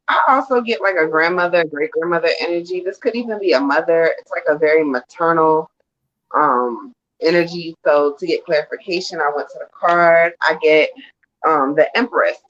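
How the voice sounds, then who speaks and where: A woman reading tarot cards on a live stream, hesitant with many pauses. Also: low-pitched, fairly bright tone. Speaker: psychic reader. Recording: dull lo-fi stream audio.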